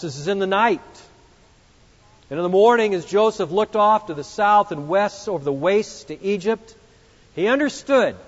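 Man preaching, emphatic then hushed, high voice, muffled recording. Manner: emphatic, swings between loud exclamations and hushed reflective passages. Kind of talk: expository sermon. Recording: muffled sound with long hall reverb.

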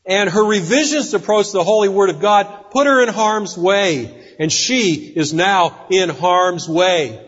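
A man delivers a sermon slowly and deliberately, leaning on key words and acting out the voices of the people he quotes. His voice sits a little high and has a husky edge. The sound is dull and muffled, and it carries the long reverb of a large church hall. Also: a bit bright. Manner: deliberate, emphatic preaching with acted-out quotes. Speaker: preacher.

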